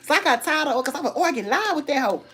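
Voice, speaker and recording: A woman's voice: sits high, big pitch swings, rapid-fire, pushed and bright, slight background noise. A woman in a casual livestream vlog, animatedly retelling a phone argument. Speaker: livestream host. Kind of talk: casual storytelling rant.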